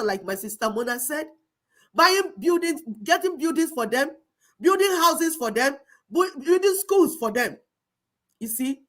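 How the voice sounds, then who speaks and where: A woman's voice: a little high, a bit bright. A woman lecturing listeners in a political talk, firing off rhetorical questions. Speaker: online show co-host.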